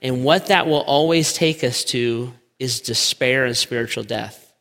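A man preaching a sermon in a church. He is emphatic and slows down to give weight to key words. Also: medium pitch, a bit bright. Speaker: pastor. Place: church sanctuary. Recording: long church hall reverb.

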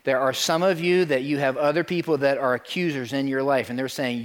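A man's voice: medium pitch, a little fast. A male pastor preaching a sermon to his congregation, telling stories, repeating words and talking straight to the listeners. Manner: animated storytelling, acts out voices in quotes.

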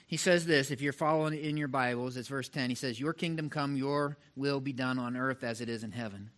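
A middle-aged man preaching a sermon as pastor, animated and talking straight to the congregation, acting out little voices to make his points. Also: mid-range voice, a little fast. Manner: animated, mimics voices for illustration, direct address to congregation.

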